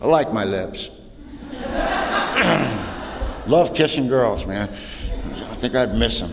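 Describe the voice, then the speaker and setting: A man's voice: mid-range voice, very animated, slow, vocal fry, a loud crowd, heavy background noise. An older man giving a humorous personal testimony at a recovery meeting, blunt and plain-spoken, dropping "man" and "you know" as he goes. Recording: echoey hall with long reverb.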